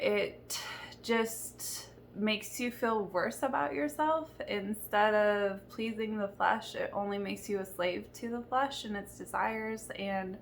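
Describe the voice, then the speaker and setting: A woman's voice: medium pitch, fairly bright tone, slight background noise. A young woman talking candidly and earnestly about her faith in a personal video. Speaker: Christian vlogger. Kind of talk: faith-based personal talk to camera.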